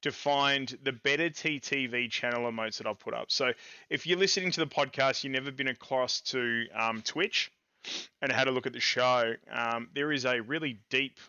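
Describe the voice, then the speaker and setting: A man in his thirties with an Australian accent, co-hosting a casual streamed gaming podcast in a rambling, excitable way. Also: mid-range voice, normal speed, clear, resonant tone, dry recording, dull audio. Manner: rambling and excitable, with fillers and laughs. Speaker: podcast co-host.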